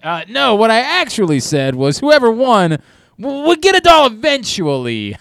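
A man voicing an excitable radio DJ with a brash, showy announcing manner. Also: very high voice, normal speed, smooth, dry recording, voice pushed up, exaggerated voice. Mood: smarmy. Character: excitable adult male radio DJ.

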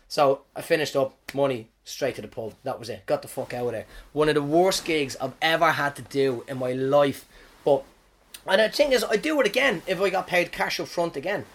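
An Irish comedian hosting his podcast, telling stories about his gigs in an animated, swearing, self-mocking way. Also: on the high side, fairly quick. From Ireland. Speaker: stand-up comedian, podcast host. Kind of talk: casual storytelling monologue.

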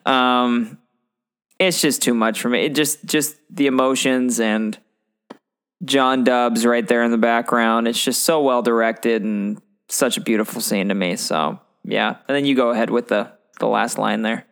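A man's voice: mid-range voice, steady tone, unhurried, vocal fry, fairly bright tone, clean tone. A young man casually chatting about a film as a podcast co-host, rambling and playful. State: teary.

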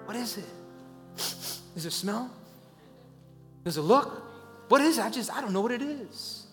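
A man preaching a sermon as a pastor, talking conversationally and rising into loud, urgent pleas. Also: extremely high pitch, lively intonation, unhurried, long reverb tail, faint music behind.

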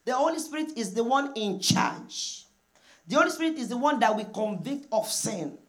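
Woman preacher, kinda high voice, repeats lines and acts out little prayers. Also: lively intonation, normal speed. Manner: emphatic repetition with call-and-response. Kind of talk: sermon.

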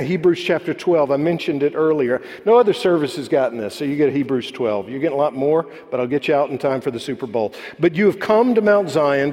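A man preaching a sermon, moving between animated preaching and soft, quiet storytelling. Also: on the high side. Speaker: pastor. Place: church sanctuary. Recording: long hall reverb.

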